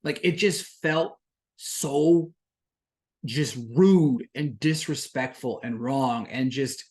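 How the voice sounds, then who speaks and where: Fired-up podcast host recapping a show. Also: takes it slowly. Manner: animated and indignant, with frequent "like" fillers; rises sharply in pitch and volume when worked up. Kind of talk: casual solo recap commentary.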